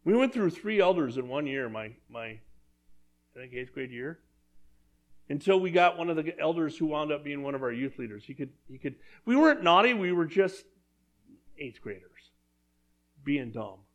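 Conversational preaching man, slightly high voice. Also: very animated, normal speed, pauses often. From Southern California. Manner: conversational preaching, asks the congregation questions. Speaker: pastor. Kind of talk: sermon. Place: church.

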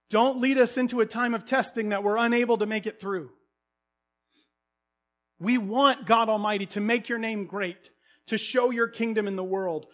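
Man, thirties, lively pastor, high voice, acts out stories in a sermon. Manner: animated storytelling, acting out characters, bursts of loud calls.

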